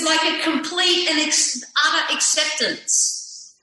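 A woman reflects candidly as an interview guest, animated, swearing freely and questioning herself. Her voice sits a bit high and rings bright. The very echoey room makes it boom. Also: slow pace. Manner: animated, profane, self-questioning.

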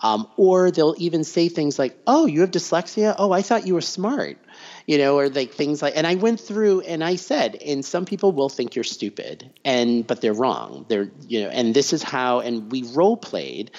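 A middle-aged man speaking as an interview guest, at an ordinary pitch for a man. He tells personal stories with animation and slips into the voices of the people he quotes. The recording sounds dull and slightly lo-fi. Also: lively intonation, normal speed, few pauses, darkish tone. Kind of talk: conversational interview.

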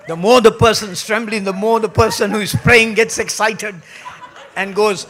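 A man preaching a sermon, joking and mimicking people, then dropping to a low, earnest tone. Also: lively intonation, normal speed, bright, forceful tone. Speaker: pastor.

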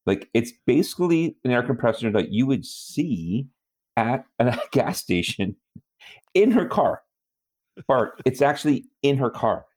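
A man's voice: mid-range voice, very animated, unhurried, darkish tone. A man co-hosting a podcast, telling an exasperated story in casual chat and laughing often. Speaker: podcast co-host.

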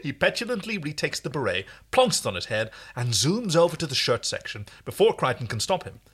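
A man's voice: fairly high pitch, very animated, brisk, fairly bright tone, slightly rough. A man hosting a podcast, reading fan fiction aloud and joking with his co-host. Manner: playful and joking. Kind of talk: casual reading and banter.

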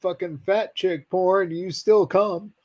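A man's voice: high-pitched, fairly even intonation, slow pace, a little mellow. Blunt man with dry quips. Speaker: podcast co-host. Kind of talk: casual chat.

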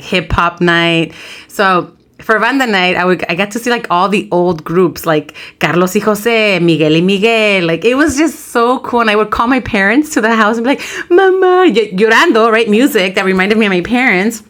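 A woman in her thirties, a podcast co-host, chatting casually and telling a lively story, acting out the voices of people she quotes. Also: mid-range voice. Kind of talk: casual chat.

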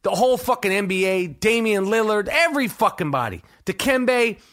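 A man hosting a podcast, telling a rambling, profane, excited story full of restarts. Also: high voice, normal speed. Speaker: podcast host. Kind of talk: casual storytelling monologue.

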